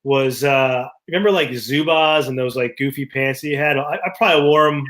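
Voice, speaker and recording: A man's voice: medium pitch, steady tone, fairly quick, a bit bright. A man co-hosting a casual talk show, easygoing and telling personal stories. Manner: easygoing, tells anecdotes. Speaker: podcast co-host. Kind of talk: casual chat.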